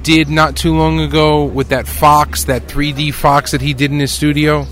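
A man's voice: a little high, little pitch movement, normal speed, a bit bright, faint music behind. A man hosts a casual interview in a slightly raised voice, loose and enthusiastic. He swears freely and keeps the chat moving. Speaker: podcast host.

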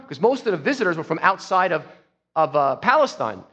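A man preaching a sermon as pastor, telling the story emphatically and swinging between soft and loud. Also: a little high, very animated, fairly quick, husky, in a large hall. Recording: dull lo-fi sound.

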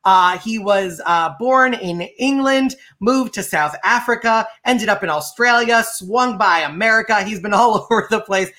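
A woman hosts her interview show with a bright, crisp voice. She talks with bubbly energy and laughs easily between questions. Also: mid-range voice, normal speed, hardly any pauses. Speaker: podcast host. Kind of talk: upbeat interview hosting.

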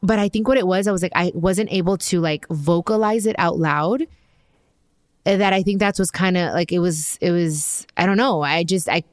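Chatty woman with a low, dry voice. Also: dry recording. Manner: chatty, lots of fillers and restarts, animated quoting. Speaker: podcast host. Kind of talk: casual storytelling to listeners.

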